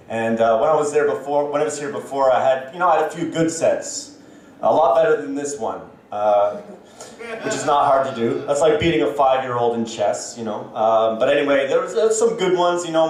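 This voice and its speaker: A man in his thirties from Canada works a stand-up set into a handheld mic. He talks in a halting, self-mocking way, full of ums and restarts. The sound is very echoey, as if caught from a distance in the room. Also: mid-range voice, darkish tone, slight background noise. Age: 30s. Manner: self-deprecating, halting with many fillers. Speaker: stand-up comedian. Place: comedy club stage. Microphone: handheld stage mic.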